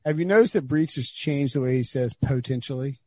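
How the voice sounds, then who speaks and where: Man, podcast co-host, animated and teasing, husky voice, very dry sound. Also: medium pitch, a little fast, no room sound. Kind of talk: casual sports chat.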